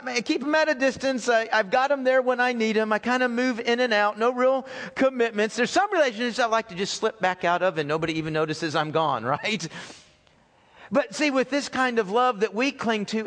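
A man's voice: high voice, animated, normal speed, fairly bright tone, long reverb tail. A man preaching a sermon as pastor, talking conversationally, asking the congregation questions and repeating his phrases. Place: church sanctuary.

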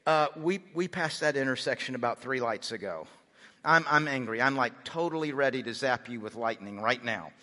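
A man's voice: medium pitch, expressive, normal speed, bright, forceful tone, pitched below the performer's own voice. A man playing God as impatient and exasperated, with sarcastic comic timing. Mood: deadpan annoyed. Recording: long hall reverb.

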